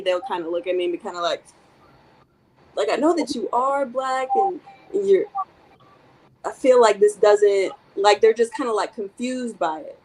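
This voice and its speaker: Soft-spoken reserved young woman on a call. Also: medium pitch, low-quality recording. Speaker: co-host. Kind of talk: casual video call discussion.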